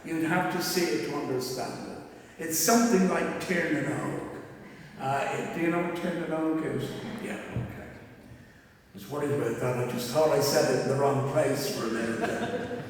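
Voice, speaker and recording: A man with a high voice tells a chatty, self-deprecating story as a sermon, chuckling at his own jokes. He is picked up from far off in a church with a long, echoing reverb. A faint hiss sits underneath. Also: normal speed. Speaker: preacher. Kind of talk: anecdotal sermon. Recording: echoey church hall from far off.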